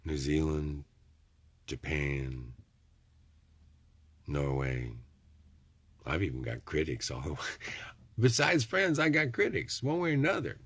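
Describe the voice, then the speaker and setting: Husky low-voiced man rambling. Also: sing-song, slow, pauses often, fairly bright tone, no echo. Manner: folksy, preachy, joking asides. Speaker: vlogger. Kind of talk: rambling casual monologue.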